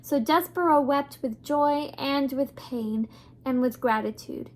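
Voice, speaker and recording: A woman reading a children's novel aloud in a gentle, measured storytelling voice. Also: high voice. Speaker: reader.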